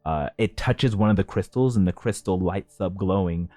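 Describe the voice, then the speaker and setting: A man's voice: deep voice, moderate pace, dark tone, dry recording, clean studio sound. A man narrating as game master in a tabletop game, describing scenes with many fillers.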